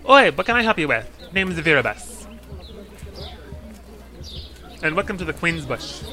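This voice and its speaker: A man voicing a very tall woman shipwright who talks in a rough, brisk dockside way. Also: on the high side, big pitch swings, pushed and bright, pitched above the performer's own voice, heavily acted. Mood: brusque welcome. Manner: rough dockside speech, "oi", "laddie boy".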